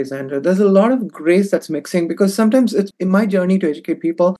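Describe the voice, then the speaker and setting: Earnest storytelling trans woman. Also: low voice. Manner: earnest, animated storytelling with laughs. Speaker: guest. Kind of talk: candid conversational storytelling.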